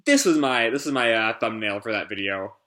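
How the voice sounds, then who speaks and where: A man giving casual, rambling commentary as he reacts to a comic live. His voice is bright and his delivery is full of fillers and quick self-corrections. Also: fairly low pitch, animated. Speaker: comic reviewer.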